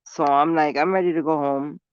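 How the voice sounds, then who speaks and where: A woman's voice: sits low, steady tone, brisk, clear, resonant tone, no room sound, lo-fi sound. A woman from New City, telling a story in blunt, profane street talk while smoking. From New York City. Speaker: vlogger. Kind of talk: casual storytelling.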